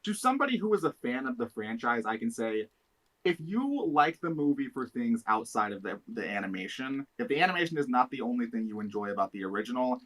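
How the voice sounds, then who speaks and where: Animated man in casual film chat. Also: mid-range voice, low-quality recording. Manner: animated, exasperated, quick bursts of emphasis. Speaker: podcast co-host discussing films.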